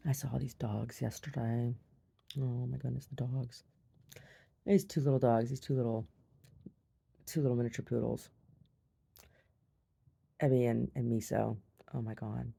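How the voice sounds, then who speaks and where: A woman's voice: rumbling low, flat delivery, a little slow, vocal fry, pauses often, dark tone, breathy edge. A middle-aged woman, a gallery owner, chatting in a meandering, giggly way in a casual monologue.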